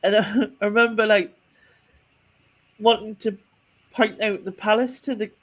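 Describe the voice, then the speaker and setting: A woman, co-hosting a casual podcast. She tells her story in a rambling way, full of restarts and small laughs, at an ordinary middle pitch. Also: fairly even intonation, unhurried. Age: 40s. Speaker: podcast co-host.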